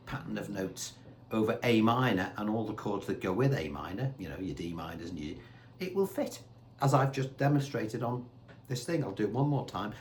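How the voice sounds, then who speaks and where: A man's voice: lowish voice, darkish tone, slight background noise. A man giving a casual guitar lesson, talking in a chatty way and asking rhetorical questions. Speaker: guitar teacher. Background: faint guitar and backing tracks.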